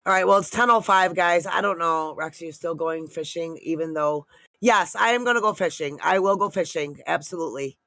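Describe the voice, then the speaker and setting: Woman, livestream host, casual chat with viewers, frustrated, swearing, scattered, bright tone, dry sound. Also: fairly low pitch, brisk, dry recording. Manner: scattered, trailing thoughts.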